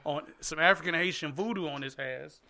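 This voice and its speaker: Gravelly, bright-toned man, casual host, animated and profane. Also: fairly high pitch, brisk. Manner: animated, swearing, laughs often. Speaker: podcast host. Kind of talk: casual group chat. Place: indoors at a table.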